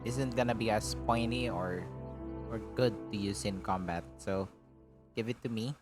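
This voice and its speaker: A man casually role-playing a smith in a tabletop game, rambling, his voice trailing off quietly, with music playing behind him. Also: on the low side, moderate pace. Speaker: player voicing a smith character.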